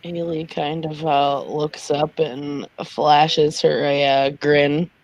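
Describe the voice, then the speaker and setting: A player in a tabletop role-play game, narrating their character slowly with frequent laughs and fillers. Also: mid-range voice, little pitch movement, no echo. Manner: giggly, slow with fillers.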